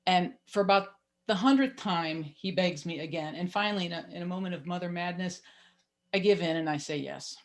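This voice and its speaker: A woman in her thirties telling a personal story to an audience, lively, wry and self-mocking, heard over a video call. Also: on the low side, fairly quick.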